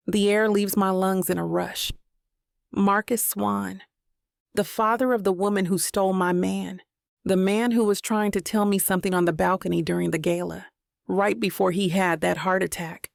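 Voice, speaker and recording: A woman narrating a romance audiobook in the first person, steady and intimate. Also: mid-range voice, moderate pace, gravelly, no echo, studio quality.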